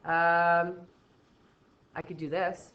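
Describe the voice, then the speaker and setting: Speaking extremely slowly in a fairly low voice with little pitch movement, a woman teaches a math class in a chatty style. She acts out student reactions and checks in with "okay?" throughout, and the recording is slightly dull and roomy.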